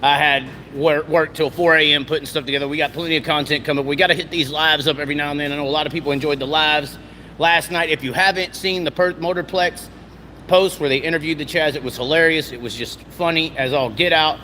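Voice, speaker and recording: A man's voice: on the high side, steady tone, fast, pushed and bright, a little hiss or hum. A man with a Southern US accent giving rambling, casual racing commentary, repeating himself and using folksy slang, just woken up. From American South. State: just woken up, clearing throat.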